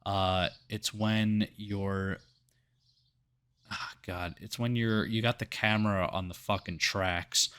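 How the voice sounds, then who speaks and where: A man co-hosting a casual movie review podcast, blunt and swearing, with quick asides. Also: fairly low pitch, steady tone, fairly bright tone, smooth. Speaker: podcast co-host.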